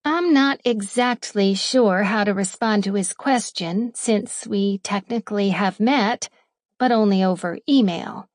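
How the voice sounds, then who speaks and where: A woman narrates a romance audiobook in the first person, taking her time over each line. Her delivery is playful, with breathy asides. The voice sits close and dry, in a middle register. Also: medium pitch, measured pace, no room sound.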